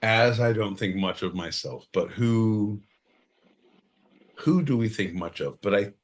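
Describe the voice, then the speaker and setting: A man co-hosting a podcast in casual comedic banter, loud and profane with sudden bursts of energy. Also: fairly low pitch, measured pace. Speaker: podcast co-host.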